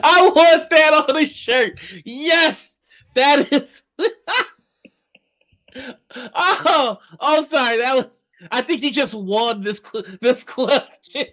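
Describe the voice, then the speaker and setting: A woman co-hosting a casual stream chat, laughing often and swearing freely. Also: sits high. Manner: laughing often, profane and animated.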